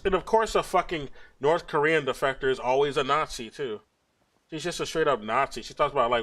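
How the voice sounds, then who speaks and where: A man's voice: fairly high pitch, moderate pace, a bit bright. A young man ranting with crude, mocking commentary while reacting to a video on a stream. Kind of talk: casual profane commentary.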